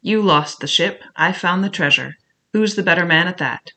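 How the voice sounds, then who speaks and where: A cunning old pirate cook, voiced by a man reading aloud, coaxing one moment and threatening the next. His rough sailor grammar comes out in a bright, forceful tone. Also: high voice, normal speed. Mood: menacing. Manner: wheedling then bullying, rough sailor talk. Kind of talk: audiobook character voice.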